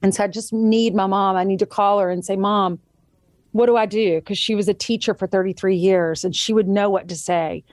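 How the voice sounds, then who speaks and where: A woman speaks in an earnest, storytelling way and often slips into quoted voices as she recounts family moments. Her pitch sits in an ordinary middle range. The recording is dry and close, with no room sound. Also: steady tone, brisk, darkish tone, dry recording. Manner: earnest storytelling, quoting others in changed voices. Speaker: guest, author and TV co-host. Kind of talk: casual conversation.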